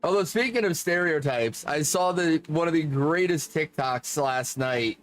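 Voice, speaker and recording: A man's voice: on the high side, unhurried, soft background music. A man chatting casually while gaming, rambling, joking and swearing freely. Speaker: gaming streamer.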